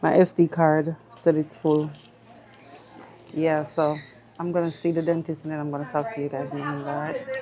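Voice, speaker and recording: A woman's voice: deep voice, flat delivery, moderate pace, dark tone. Emotional woman vlogging. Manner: emotional, mixes in patois. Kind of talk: casual vlog chat. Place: dentist's waiting room.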